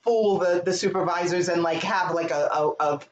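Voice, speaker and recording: A woman telling a personal story in casual conversation, candid and animated, and swearing freely. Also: lowish voice, moderate pace, dull audio, slight background noise. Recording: roomy echo.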